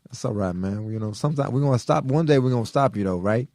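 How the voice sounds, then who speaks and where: A man's voice: mid-range voice, lively intonation, fast, a little mellow, no room sound, clean studio sound. A man co-hosting a comedy podcast in a laid-back, joking way. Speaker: podcast co-host. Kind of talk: casual comedic chat. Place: podcast studio.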